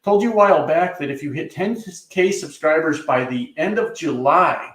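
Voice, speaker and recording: A man's voice: a little high, expressive, normal speed, fairly bright tone, echoey room. Profane joking trucker man. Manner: profane, joking, rambling with many fillers. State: coughing a little. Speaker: trucker reading live chat. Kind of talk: casual livestream chat.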